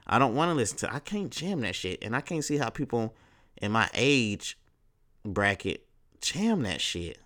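A man's voice: medium pitch, sing-song, normal speed, fairly bright tone. A man hosting a casual solo podcast, talking in a profane, rambling, laid-back way full of street slang. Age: 30s. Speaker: podcast host.

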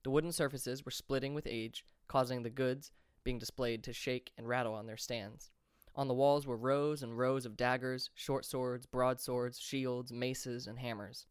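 Guy reading a fantasy book aloud, steady and even, smooth clear voice, dry close mic. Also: mid-range voice, unhurried, dry recording. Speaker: audiobook narrator. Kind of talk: scripted fantasy narration.

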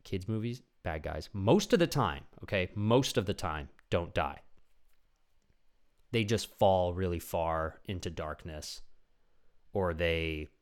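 A man's voice: deep voice, takes it slowly. A young man hosting a podcast in a casual, rambling comedic monologue, swearing freely and acting out voices of people in his stories. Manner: rambling, animated, swears a lot, acts out voices. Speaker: podcast host.

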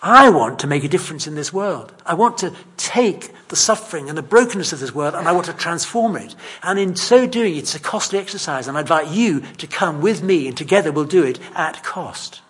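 A man voicing Jesus as a calm male teacher who invites people to follow him, speaking in an earnest, measured way. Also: on the high side, husky.

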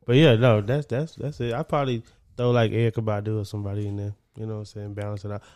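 A man's voice: fairly low pitch, flat delivery, fast talker, darkish tone, clear, resonant tone, no echo. A man with a Southern US accent chatting casually, thinking aloud with lots of ums and uhs. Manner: laid-back, thinks aloud with many fillers. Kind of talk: casual chat.

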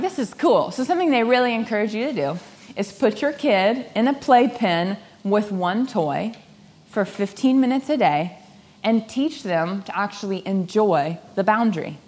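A woman giving a sermon-style talk, telling stories in an animated way and acting out voices for comic effect. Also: on the high side, normal speed. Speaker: speaker.

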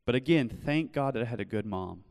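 A young man preaching earnestly in a church, telling his own story and then pleading gently with listeners. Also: medium pitch, lively intonation, brisk, creaky, in a large hall. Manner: earnest, shifts from loud storytelling to soft pleading. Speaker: pastor. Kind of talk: sermon with personal testimony. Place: church hall.

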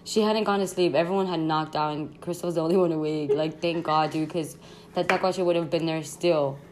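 A young woman hosting a podcast tells a story in casual storytime chat, rambling, slangy and excitable, packed with fillers and a little fast. Her voice sits fairly low for a woman, with a faint hiss beneath it.

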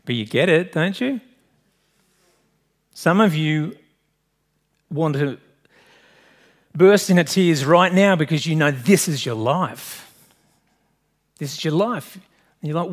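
Male pastor preaching, earnest and direct, voice a touch high. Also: animated, measured pace, long pauses. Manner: earnest, direct, asks the congregation questions. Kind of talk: sermon.

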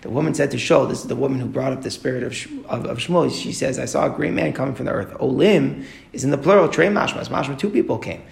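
Fast, gravelly male Torah teacher. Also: mid-range voice. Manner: explains text line by line, asks rhetorical questions. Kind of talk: Talmud class lecture. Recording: echoey room.

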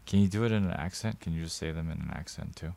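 A man's voice: rumbling low, quick pace, vocal fry, dark tone. A man in his thirties co-hosting a podcast in casual chat, playful and teasing, firing off questions. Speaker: podcast co-host.

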